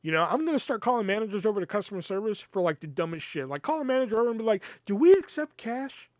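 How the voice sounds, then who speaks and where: Man, podcast host, casual storytelling, profane, exasperated, slightly high voice, dry close sound. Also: animated, rapid-fire, no room sound. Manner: profane, exasperated, acts out quoted coworkers.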